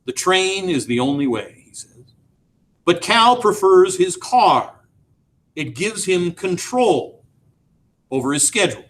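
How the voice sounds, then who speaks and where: A man's voice: high voice, big pitch swings, slow, long pauses, fairly bright tone. A man teaching an English class, reading a novel aloud and asking his students questions. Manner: reads dialogue with shifting voices, asks the class questions. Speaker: high school English teacher.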